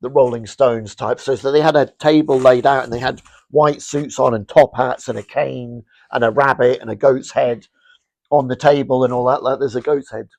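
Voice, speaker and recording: A middle-aged man, a fashion brand founder, telling rambling, animated anecdotes with lots of restarts in a casual interview. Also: medium pitch, normal speed, gravelly, dry recording.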